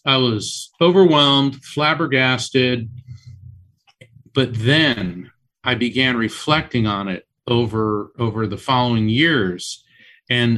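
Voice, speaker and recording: A man who is a psychic medium and author, telling a personal story as a guest on a radio interview, animated and full of restarts. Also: medium pitch.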